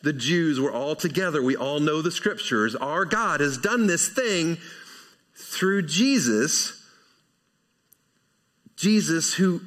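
A man preaching a conversational sermon verse by verse, asking rhetorical questions and shifting between emphatic and quiet delivery. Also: on the high side, animated, slow pace, long pauses. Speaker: pastor.

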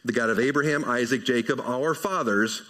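A man preaching a conversational sermon verse by verse, asking rhetorical questions and shifting between emphatic and quiet delivery. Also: medium pitch, normal speed. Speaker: pastor.

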